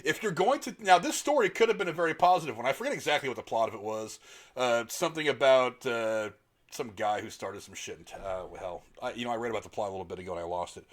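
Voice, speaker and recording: A man's voice: mid-range voice, expressive, fast. A middle-aged man hosting a podcast, arguing his opinions bluntly in casual, profane talk. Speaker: podcast host.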